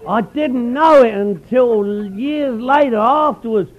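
Middle-aged guy at a recovery meeting, rambly and folksy, fairly high voice, dull lo-fi recording. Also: slow pace. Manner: rambling, folksy, peppers speech with "you know". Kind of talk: personal storytelling talk.

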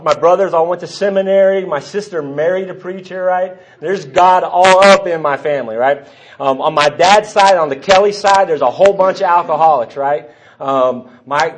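Brief: middle-aged man, slightly higher voice, rambling self-deprecating testimony at a meeting podium. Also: slight background noise. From Texas. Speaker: speaker at a recovery meeting. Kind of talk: personal testimony talk.

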